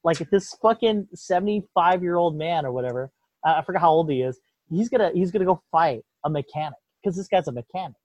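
A man's voice: on the high side, lively intonation, quick pace, a little mellow, no echo. A man in casual political chat, ranting with lots of swearing and mock voices. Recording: dull lo-fi dry sound.

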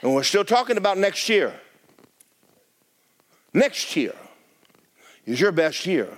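Male pastor, lively swooping pitch, hushed-to-shouting sermon delivery. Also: moderate pace. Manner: animated preaching, swinging from hushed to shouting. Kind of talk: storytelling sermon. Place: church sanctuary.

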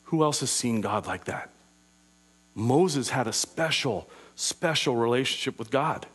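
A man preaching an interactive sermon, asking his listeners questions and slowing down on key phrases. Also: medium pitch, animated, fairly bright tone, breathy edge. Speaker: preacher teaching a group.

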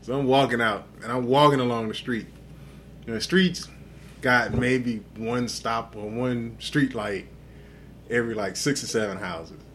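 A tipsy podcast co-host tells a profane story in a casual, drunken chat, acting out lots of dialogue. His medium-pitched voice is unhurried and a bit bright, with fairly even intonation and slight background noise.

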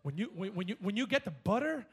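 A man with a notably high voice delivers a lively church sermon. He talks fast and excitedly, repeating words as he builds up, and he acts out scripture passages with laughter. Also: slightly rough. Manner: energetic preaching, repeats words, dramatizes scripture quotes with laughs. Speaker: pastor.

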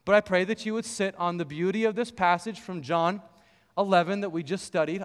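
A man with a high, smooth, resonant voice preaches to his church. He moves from quiet storytelling into fervent reading of scripture. The sound carries a long reverb from the sanctuary. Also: fairly even intonation, fairly quick. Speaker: pastor. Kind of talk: sermon.

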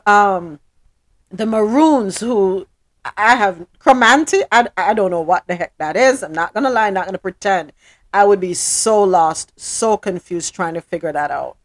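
A woman's voice: medium pitch, no room sound. A woman hosting a podcast, chatting casually with a guest, laughing often, and reading news stories with her own asides. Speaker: podcast host.

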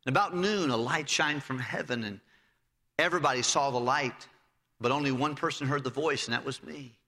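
A man's voice: medium pitch, brisk, bright, forceful tone, in a large hall. A man preaching a sermon, retelling scripture vividly and reading in old-style biblical phrasing.

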